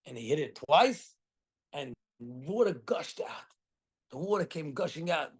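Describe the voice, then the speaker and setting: Middle-aged rabbi, higher-pitched man, teaching a class, acts out quotes. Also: measured pace, slightly rough. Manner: animated storytelling with acted quotes. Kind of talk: Torah class.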